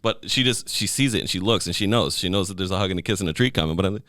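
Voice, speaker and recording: A man's voice: deep voice, rapid-fire, a bit bright, no room sound, clean studio sound. A male podcast host chatting casually, joking and laughing a lot. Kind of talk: casual chat.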